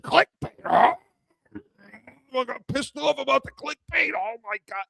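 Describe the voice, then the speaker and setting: A man co-hosting a casual sports talk show, blunt and ranting, swearing and yelling at critics. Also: very high voice, expressive, a little slow, gravelly, no room sound.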